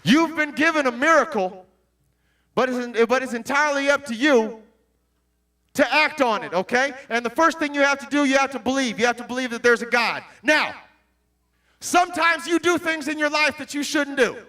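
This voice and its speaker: A young audience listens as a male Christian motivational speaker preaches in a very high, bright voice, speaking at a normal speed. He shouts questions and bursts into yells, sounding far away from the microphone.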